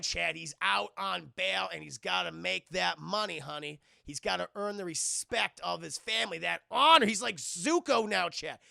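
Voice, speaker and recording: High gravelly dude ranting thru a movie recap to chat, bright and punchy, dry mic. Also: male voice, no echo. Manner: animated, profane, talks to chat, acts out characters. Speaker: streamer reviewing a film. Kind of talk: casual scene-by-scene recap to a live chat.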